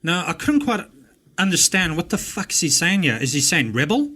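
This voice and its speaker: A man's voice: on the high side, animated, normal speed, pushed and bright. A South African man hosting a reaction video, ranting angrily and mockingly with lots of swearing. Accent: English-speaking South African. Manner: angry, swearing, mocking rants. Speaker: host reacting to a recording. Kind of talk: profane reaction commentary.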